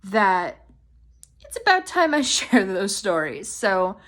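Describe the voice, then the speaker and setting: A young woman vlogger telling funny stories in a casual, animated way, swearing freely and laughing as she goes. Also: mid-range voice, slow. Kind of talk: casual storytime.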